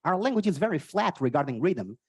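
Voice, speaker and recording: Animated Portuguese-accented stand-up comedian. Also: male voice, a little fast, husky, no echo. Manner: animated, jumps between high exclamations and low asides. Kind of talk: stand-up comedy set with crowd work. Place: live comedy venue.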